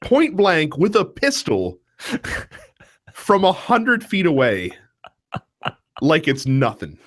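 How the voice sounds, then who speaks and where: A man co-hosting a casual film podcast, talking in an animated rush of fillers and restarts. His pitch swings widely and he keeps breaking into laughter. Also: slow. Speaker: podcast co-host. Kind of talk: casual movie discussion.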